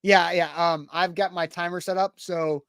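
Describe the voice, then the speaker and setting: A man's voice: sits high, level tone, moderate pace, fairly bright tone, clean tone, dry recording, clean studio sound. A man hosting a live sports podcast, chatting casually and reading sponsor spots. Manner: chatty, reads sponsor ads. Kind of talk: casual live-stream chat.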